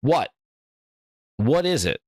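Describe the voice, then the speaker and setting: A man's voice: mid-range voice, sing-song, slow pace, darkish tone, no room sound, studio quality. A man hosting a gaming channel, ranting in heated, exasperated commentary with swearing and mocking asides.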